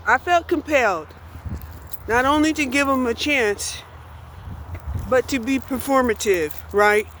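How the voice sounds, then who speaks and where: A woman's voice: high voice, a little slow, pauses often, a bit bright, slight background noise, poor audio. A woman in her sixties speaking bluntly in a candid personal monologue, often checking in with "right?" and "you know". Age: 60s. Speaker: vlogger.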